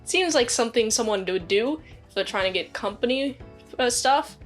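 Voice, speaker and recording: A woman with a slightly high voice retells a film in a loose, rambling way, leaning on "like" at every turn. Soft music plays faintly behind her. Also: animated, moderate pace. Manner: rambling, many "like"s, acts out quotes. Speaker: movie reviewer. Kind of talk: casual movie review.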